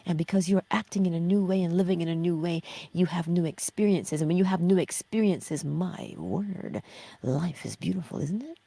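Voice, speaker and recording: A woman's voice: on the low side, moderate pace, creaky, warm tone. A middle-aged woman hosting a spiritual teaching livestream, reading viewer chat, affectionate, laughing often and slipping into whispers.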